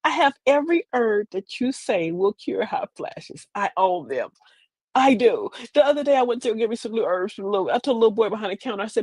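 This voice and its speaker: A woman's voice: a little high, sing-song, normal speed, no room sound. A woman, hosting a streamed show in a sassy, rambling comedic monologue. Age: 50s. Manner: chatty, sassy, rambling with repeated phrases.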